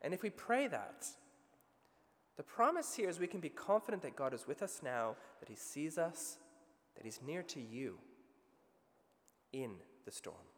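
A man with an Australian accent preaching a sermon, telling the story with vivid asides and a lively, expressive delivery. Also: a little high, a little slow, long pauses, in a large hall.

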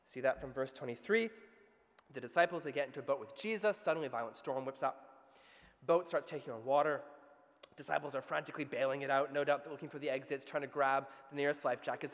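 A man with an Australian accent preaching a sermon, telling the story with vivid asides and a lively, expressive delivery. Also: mid-range voice, fairly quick, big-room sound.

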